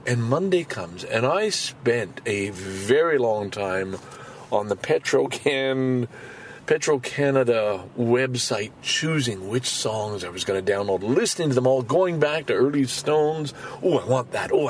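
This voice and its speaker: Lively sixty-five-year-old man podcasting. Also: unhurried, a little hiss or hum. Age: 60s. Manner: animated, swinging from low musing to loud outbursts; swears casually, repeats words when pushing a point. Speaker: podcast host. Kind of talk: casual monologue.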